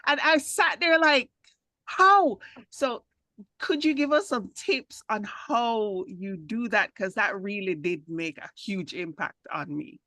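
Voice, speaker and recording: Woman on a video call asking a question, excited, dry close sound. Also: mid-range voice, measured pace, no echo. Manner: enthusiastic, admiring. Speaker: audience member asking a question. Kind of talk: casual question.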